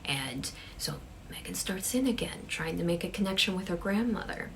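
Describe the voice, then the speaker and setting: Gravelly-voiced woman storyteller, casual, slips into whispers for suspense. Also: fairly low pitch, expressive, moderate pace, fairly bright tone, slight background noise. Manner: drops to a whisper for suspense, chatty fillers. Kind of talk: casual ghost-story telling.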